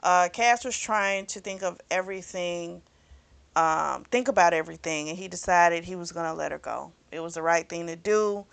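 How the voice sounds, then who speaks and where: A woman's voice: lowish voice, moderate pace, gravelly, no echo. A woman reviewing a book in a casual recap, rambling with plenty of fillers and blunt swearing. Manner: rambling, frank, swears freely, lots of fillers.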